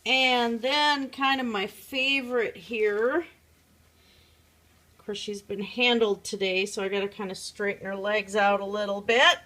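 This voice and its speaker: A woman's voice: mid-range voice, fairly even intonation, unhurried, sharp tone. A woman chatting casually at home, showing her craft pieces to a phone camera, rambling with many fillers. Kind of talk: casual show-and-tell chat.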